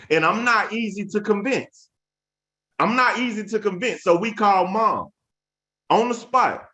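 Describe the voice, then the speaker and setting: A man's voice: high-pitched, animated, measured pace, pauses often, pushed and bright. A man in his thirties giving a webinar talk to teachers, telling stories in an emphatic, preacher-like way, repeating phrases and calling on the audience. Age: 30s. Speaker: education speaker.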